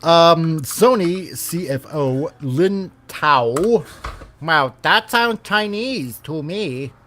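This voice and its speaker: A man's voice: a little high, expressive, drawn-out words, a bit bright, slight background noise. A man hosting a casual podcast, reading gaming news with rambling, self-correcting sarcastic asides. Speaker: podcast host.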